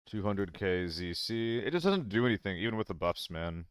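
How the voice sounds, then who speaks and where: Young male streamer, casual and chatty, swears freely; smooth voice, dry close sound. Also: lowish voice, big pitch swings, normal speed, dry recording. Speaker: game streamer. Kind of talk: casual live-stream chat.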